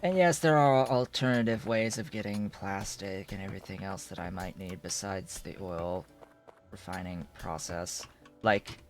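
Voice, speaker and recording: A man's voice: deep voice, moderate pace, soft background music. A man streaming a game, thinking aloud in a rambling way with many restarts. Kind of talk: casual live-stream commentary while playing.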